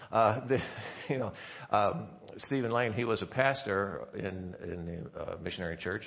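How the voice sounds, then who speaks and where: A man preaching a conversational sermon as pastor, talking in a halting way with many restarts and asides. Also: low voice, vocal fry. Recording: dull lo-fi sermon recording.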